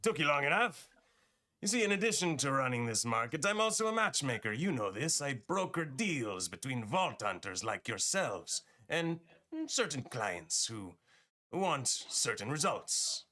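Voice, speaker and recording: A man's voice: mid-range voice, very animated, a little slow, sharp tone, voice pushed up. A man voicing a scheming male gun merchant and matchmaker in a tabletop game, with a wobbly put-on European accent and slick dealer's patter. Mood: sly. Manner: sly wheeling-dealing patter in a shaky put-on European accent.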